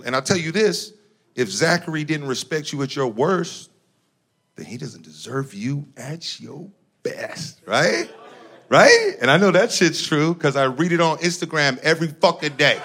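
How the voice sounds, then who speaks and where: A man from Northern California doing profane, animated stand-up comedy and laughing at his own lines. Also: fairly high pitch, measured pace, breathy edge.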